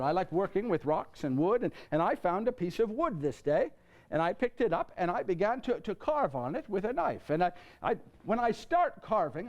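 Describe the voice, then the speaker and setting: A man's voice: sits high, a little mellow. An actor playing a nineteen-year-old carpenter, earnest and flustered, in a live stage monologue. He stammers and repeats himself, and he speaks straight to the audience. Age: young adult. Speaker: actor in one-man show. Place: church before a live audience.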